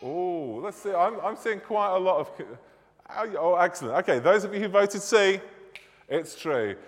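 During a church service, a Mancunian minister in his thirties leads a lighthearted quiz, bantering with the congregation and poking fun at himself. He's from Manchester and has a Northern English accent, with a high-pitched, animated voice at a moderate pace. The church hall or nave gives the recording a long reverb.

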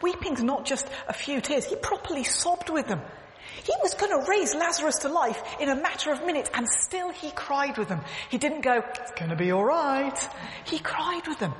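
A woman's voice: high-pitched, animated, moderate pace. A woman giving an earnest, emphatic sermon, repeating phrases as she tells stories. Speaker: church speaker. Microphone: clip-on mic, echoing. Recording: echoey hall, faint background noise.

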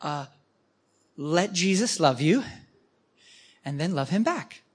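A man quoting serene gentle older women. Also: on the high side, animated, slow, slightly rough, full character voice. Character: calm, gentle old women counseling.

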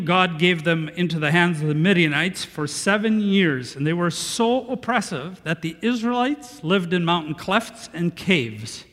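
A man preaching a sermon as pastor, animated and asking the congregation questions. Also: high voice. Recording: long reverb of a large hall.

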